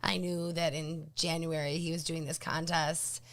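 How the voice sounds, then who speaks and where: A woman's voice: sits low, level tone, moderate pace, fairly bright tone. A woman co-hosting a casual radio show, dry and teasing with blunt replies. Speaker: show co-host. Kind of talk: casual on-air chat.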